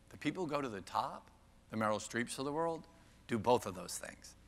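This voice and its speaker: Speaking in a medium-pitched, animated voice at a slightly fast clip, an older keynote speaker jokes at his own expense and trades banter with listeners by name. The large conference hall gives the recording a long reverb.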